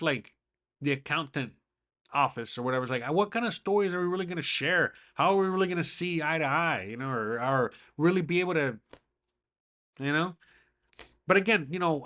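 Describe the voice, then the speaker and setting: A man's voice: on the high side, fairly bright tone. A man hosting a podcast in a casual monologue, rambling and swearing, with lots of fillers. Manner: rambling, profane, heavy on fillers. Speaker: podcast host.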